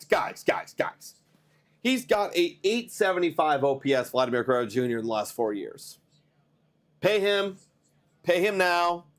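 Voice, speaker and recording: A man hosting a live baseball stream, chatting to viewers and reading trade news in a rambling, excitable way while tired. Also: fairly high pitch. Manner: excitable, rambling, talks to chat. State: tired, yawning. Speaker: baseball livestream host.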